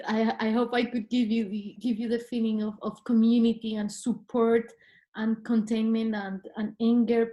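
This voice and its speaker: Woman guest with a slightly high voice, animated first-person storytelling. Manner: animated, acts out her own past words. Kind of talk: casual conversational storytelling.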